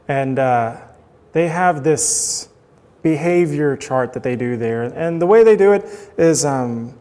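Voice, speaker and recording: A man's voice: on the high side, a little mellow. Man preaching in a reverberant hall. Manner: conversational storytelling, unhurried. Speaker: pastor. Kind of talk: sermon.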